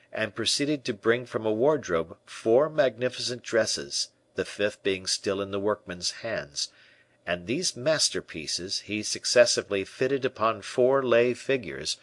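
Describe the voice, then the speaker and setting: A man narrating a classic novel as an audiobook, in expressive, even-paced storytelling. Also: fairly low pitch, dry recording. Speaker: audiobook reader. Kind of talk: scripted narration.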